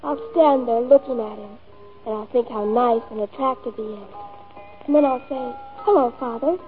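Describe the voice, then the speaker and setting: A woman's voice: a little high, normal speed, close to an everyday voice. An actress as a precocious, lonely teenage girl. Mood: dreamy. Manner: dreamy and precocious, pert when cornered. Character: lonely, imaginative fifteen-year-old rich girl. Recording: tinny lo-fi old film soundtrack, faint music.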